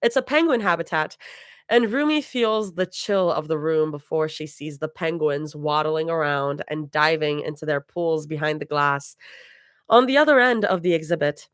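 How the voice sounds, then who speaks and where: A woman's voice: deep voice, moderate pace, dry recording, clean studio sound. A woman reading fan fiction aloud live, laughing and stumbling over hard words.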